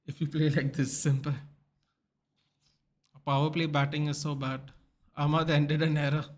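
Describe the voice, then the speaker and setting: A man's voice: fairly high pitch, level tone, normal speed. A man hosting a live football watchalong, chatting casually and answering viewer questions while tired from a sleepless night. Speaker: sports channel host. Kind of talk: live match watchalong commentary and chat replies.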